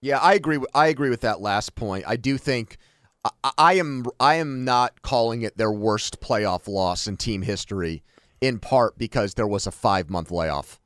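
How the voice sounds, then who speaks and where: A man's voice: fairly low pitch, expressive, normal speed, fairly bright tone, no echo, studio quality. A man co-hosting a sports talk show, giving strong opinions in casual debate with frequent restarts.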